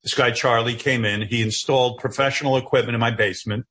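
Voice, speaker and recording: A man hosting a talk show from his home office over a video call, asking quick prying questions and teasing his guest. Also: medium pitch, steady tone, fairly bright tone, slightly rough. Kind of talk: casual interview chat.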